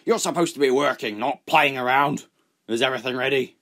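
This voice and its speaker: A man's voice: lowish voice, steady tone, normal speed, a bit bright, natural voice. A man voicing a cruel, bullying people smuggler in an audiobook, sneering and threatening. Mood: menacing. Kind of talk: audiobook character voice.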